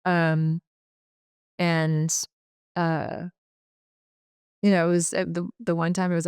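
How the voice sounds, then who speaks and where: A middle-aged woman, a podcast guest, telling a personal story in a heartfelt, halting way, with many fillers and restarts. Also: on the low side, level tone, darkish tone, clear, resonant tone, no echo, clean studio sound.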